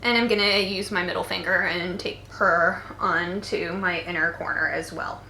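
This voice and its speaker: Her voice sits fairly low, with some vocal fry, yet stays bright and forceful, steady in tone and at a normal speed. A tired young woman in her twenties who slept poorly, she walks through a casual makeup tutorial, chatting playfully and tossing in jokes. The recording is roomy and slightly noisy, with people faintly audible outside.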